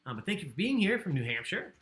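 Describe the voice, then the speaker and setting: A man's voice: a little high, sing-song, fast, a bit bright, reverberant. A man hosting a livestreamed trivia game, chatty and joking as he reads out the questions. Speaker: trivia host.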